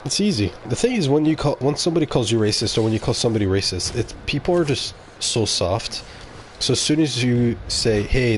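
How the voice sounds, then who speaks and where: A man's voice: fairly low pitch, a little hiss or hum. A man streaming live, rambling bluntly and talking straight to his chat. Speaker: game streamer.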